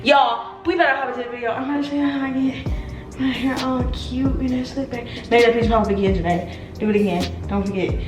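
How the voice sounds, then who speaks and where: A woman's voice: fairly high pitch, fairly even intonation, fairly quick, reverberant, music in the background, low-quality recording. A young woman chatting casually through a hair tutorial vlog, playful and rambling with lots of asides. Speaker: beauty vlogger. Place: echoey room at home.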